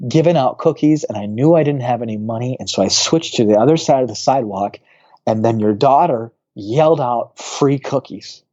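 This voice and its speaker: Man telling a story in animated bursts. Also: medium pitch, dull audio. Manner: animated storyteller who acts out quoted voices. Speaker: pastor. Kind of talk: storytelling on a podcast interview.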